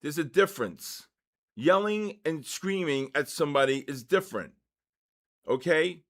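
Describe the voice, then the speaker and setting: A man's voice: fairly high pitch, expressive, unhurried. A man in his sixties hosting a live trading session, lecturing emphatically and driving points home with repeated "okay?" and "all right?".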